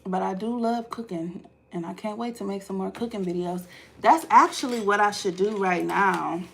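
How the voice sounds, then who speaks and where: A woman vlogger from Ohio, telling stories casually to her live chat and swinging from hushed asides to loud outbursts. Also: mid-range voice, normal speed, gravelly, a little hiss or hum.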